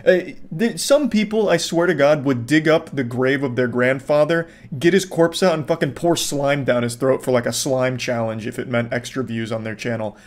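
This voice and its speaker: A man delivering sarcastic commentary in a dry, deadpan voice. His pitch sits in an ordinary middle range, and the swearing comes out flat and sardonic. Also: moderate pace, few pauses.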